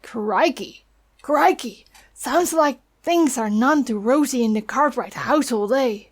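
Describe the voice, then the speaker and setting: Woman voicing a cocky little fairy guy, slangy, blunt, fairly high. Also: measured pace. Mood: cheeky. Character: cheeky little male fairy sidekick. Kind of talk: reading game dialogue aloud.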